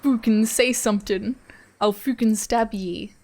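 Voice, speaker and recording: A woman voicing a rowdy young male street thug who yells, swears and speaks in an odd put-on accent. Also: on the high side, steady tone, a little slow. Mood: angry.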